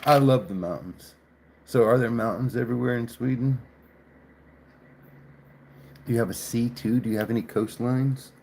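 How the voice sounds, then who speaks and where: A man's voice: mid-range voice, normal speed, creaky, pauses often, a little mellow, a little hiss or hum. A man chatting casually on a livestream, laughing often and cursing mildly. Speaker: livestream host. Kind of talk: casual live chat.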